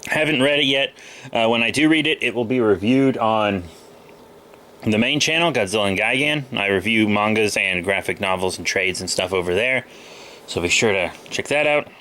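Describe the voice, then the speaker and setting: Bright-voiced young man, a little sick. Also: on the low side, moderate pace, a little hiss or hum. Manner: rambling, loose, with many fillers. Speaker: comic book vlogger. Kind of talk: casual haul video chat.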